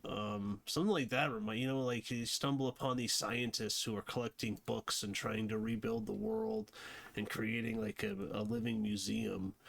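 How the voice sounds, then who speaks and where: A man's voice: mid-range voice, creaky, a bit bright. A man hosting a casual movie review, rambling with many fillers and restarts. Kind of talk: casual unscripted commentary.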